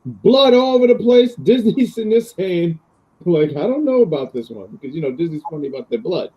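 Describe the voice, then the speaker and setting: A man co-hosting a casual chat podcast, animated and often laughing as he acts out lines. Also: on the high side, brisk, muffled recording. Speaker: podcast co-host.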